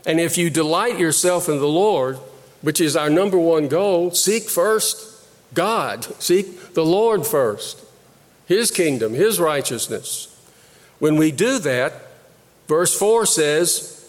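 A man preaching a sermon, slow and deliberate, pausing and repeating phrases as he teaches. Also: a little high, expressive, big-room sound. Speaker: pastor.

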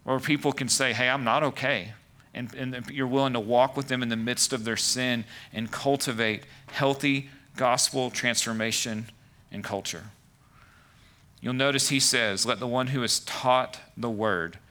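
A man's voice: mid-range voice, steady tone, a little slow, sharp tone. A man preaching a conversational sermon as pastor, full of "like" and "right" asides.

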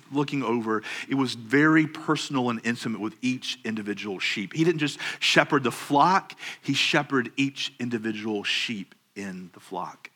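A man preaching a sermon, earnest and measured, slowing down on key phrases and rising into urgent questions. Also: mid-range voice, pushed and bright. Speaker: pastor.

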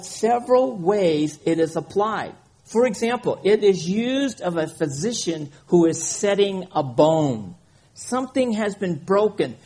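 A man's voice: sits high, a little mellow, breathy edge. A man preaching a conversational sermon, reading scripture and often checking in with his listeners. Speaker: pastor.

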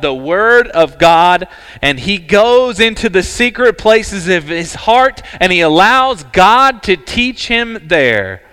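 A man preaching a sermon as pastor, earnest and emphatic, with dramatic pauses. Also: sits high, a bit bright, clear, resonant tone. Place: church sanctuary. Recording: church hall reverb.

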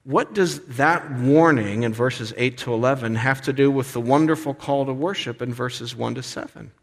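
Male pastor, mid-pitched voice, animated sermon delivery, long hall reverb. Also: normal speed. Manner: animated, acts out voices of complaining people.

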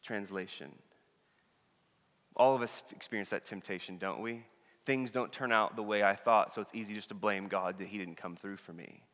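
Animated man preaching in a big hall. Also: fairly low pitch, normal speed. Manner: animated, acts out the people in the story with voices. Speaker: pastor. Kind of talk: sermon. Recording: long reverb of a big hall.

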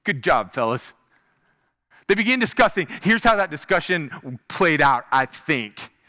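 A man preaching a sermon in a conversational, animated way, full of rhetorical questions. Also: on the high side, unhurried.

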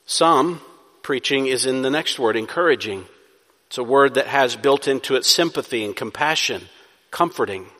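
A man preaching a sermon as pastor, moving between soft, pleading passages and loud, urgent exhortation. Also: mid-range voice, normal speed, in a large hall.

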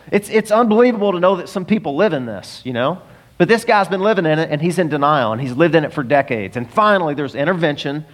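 A middle-aged male pastor delivering a sermon in a loose, conversational way. His pitch sits a bit higher than most men's, and his voice swings widely as he acts out little quoted exchanges. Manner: conversational, animated storytelling with acted-out quotes.

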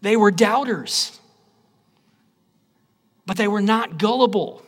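A man preaching a sermon, swinging between loud declarations and low, quiet phrases. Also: slow pace. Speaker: pastor.

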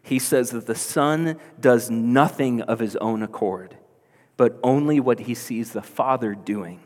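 A pastor delivers a sermon in a church hall, his mid-pitched male voice earnest and building to insistent, emphatic peaks. Long reverb trails his words around the room. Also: measured pace.

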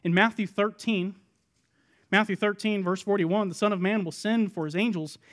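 A man with a high voice delivers a sermon. He acts out the people in his text with loud pleading, then drops to quiet, low asides. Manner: dramatic, voicing the people in the parable. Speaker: pastor.

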